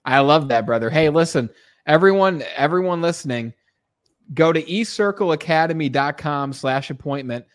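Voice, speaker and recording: A man's voice: a little high, moderate pace, hardly any pauses. A male podcast host wrapping up an interview, enthusiastic and full of praise. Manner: enthusiastic, short affirmations.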